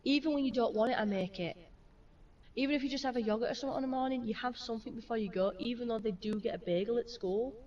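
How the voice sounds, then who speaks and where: A woman's voice: fairly high pitch, quick pace, darkish tone, far from the mic, lo-fi sound. A young woman and mother in a casual chat, swearing freely and acting out the things people said to her. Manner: chatty, swears freely, acts out quoted exchanges.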